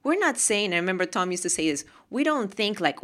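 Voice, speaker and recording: A woman's voice: lowish voice, big pitch swings, fairly quick, a bit bright. A woman hosting a motivational podcast, talking casually and emphatically and repeating phrases for emphasis. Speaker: podcast host.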